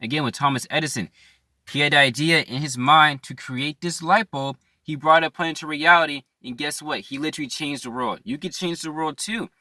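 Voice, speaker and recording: A young motivational YouTuber talks casually to camera in a very bright, forward voice pitched slightly above average. Earnest and slangy, he calls listeners "bro" and keeps asking "right?" while repeating his points. The recording is brisk, close and dry.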